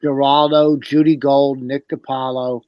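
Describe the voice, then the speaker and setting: A man comedian recalling old shows in a slow, rambling, profane way during a round-table chat. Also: mid-range voice, little pitch movement, clear, resonant tone, dry recording, lo-fi sound. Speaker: comedian guest.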